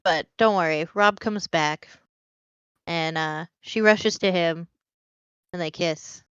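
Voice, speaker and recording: Podcast co-host, female, smooth clear voice, rambling chatty recap, dry close sound, slightly dull audio. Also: on the low side, slow, fairly bright tone, no echo. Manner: rambling plot recap with many fillers. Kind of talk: casual chat.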